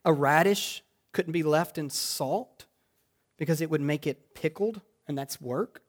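A male pastor preaching a sermon in a church, moving from quiet reflection to loud, exclamatory passages. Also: fairly high pitch, unhurried. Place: church sanctuary.

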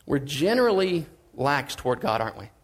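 A man preaching a sermon in a casual, conversational way, swinging between emphatic and quiet lines. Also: medium pitch, big pitch swings, a little fast.

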